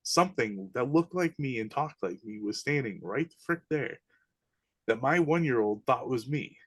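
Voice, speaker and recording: A man in the middle of his voice range tells spooky stories in a loose, excitable way, with casual slang. The sound is close and dry. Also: medium pitch, normal speed, slightly rough, no echo. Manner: animated, breathless retelling of eerie events, casual slang. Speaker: podcast guest. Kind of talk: casual storytelling.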